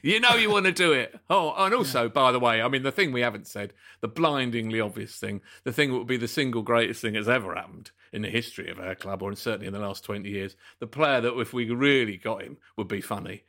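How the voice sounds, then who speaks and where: A man hosting a football podcast in casual chat, animated and laughing often as he reads a quiz aloud. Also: on the low side, fast talker, few pauses. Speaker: podcast host.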